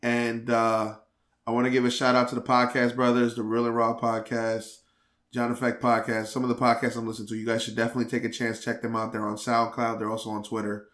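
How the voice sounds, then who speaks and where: A man's voice: medium pitch, completely flat delivery, a little fast, a bit bright, echoey room. A man hosting a podcast, chatting casually, rambling and stumbling over restarts while he teases his guest. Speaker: podcast host.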